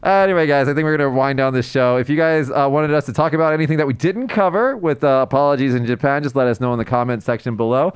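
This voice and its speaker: A man hosting a podcast in casual chat, animated and teasing, laughing often. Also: mid-range voice, fast, hardly any pauses, clear, resonant tone, no echo. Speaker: podcast host.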